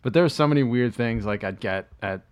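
A man's voice: mid-range voice, fairly quick, clear, resonant tone. A man, co-hosting a podcast and telling rambling, profane stories in casual chat. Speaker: podcast co-host.

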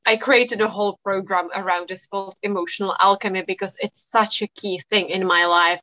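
A woman coach as a podcast guest, talking calmly and reflectively with plenty of "you know". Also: medium pitch, dry recording, highs cut off. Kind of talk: casual conversation.

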